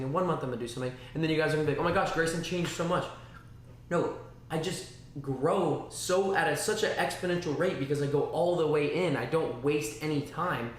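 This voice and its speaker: A man talking to his livestream audience in a rambling, animated way, tossing in spoken sound effects as he goes. His voice sits fairly high for a man and rings around a strongly echoing room, with a faint hiss of noise behind it. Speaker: streamer. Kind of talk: casual livestream talk.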